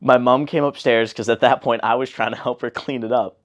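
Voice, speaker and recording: A young man in an interview, telling a family story in a relaxed, chatty way with lots of fillers. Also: mid-range voice, a little fast. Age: young adult. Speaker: interviewee, older brother.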